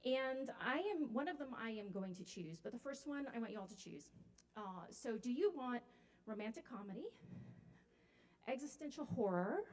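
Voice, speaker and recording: A woman's voice: fairly high pitch, expressive, normal speed. A woman at an open mic joking with the crowd before reading her short stories. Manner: joking, self-deprecating. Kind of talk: chatty stage banter before a reading.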